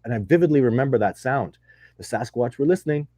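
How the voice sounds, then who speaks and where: A man's voice: medium pitch, animated, fast talker, warm tone, dry recording. A man answering viewer questions in a casual live chat, rambling and enthusiastic with many restarts. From not from Texas.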